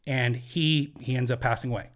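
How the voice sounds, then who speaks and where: A man's voice: medium pitch, fairly even intonation, normal speed, fairly bright tone. A man as a podcast guest in a studio, telling a personal story earnestly, with many fillers and restarts. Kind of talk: candid conversational storytelling.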